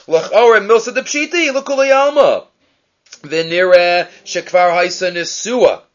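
A man giving a daily Talmud lesson, reading Aramaic text aloud and explaining it in English with lively questions. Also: high-pitched. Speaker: Talmud teacher. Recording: dull lo-fi recording.

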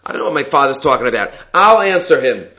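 A man voicing a clever young daughter who speaks briskly and confidently, on slightly dull lo-fi audio. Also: mid-range voice, sing-song, sharp tone.

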